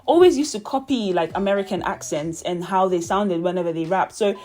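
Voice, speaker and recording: Speaking into a camera mic, a young vlogger from Nigeria with a British accent chats casually and thoughtfully, often laughing softly and using plenty of fillers. Her voice sits fairly low, brisk in pace and slightly mellow.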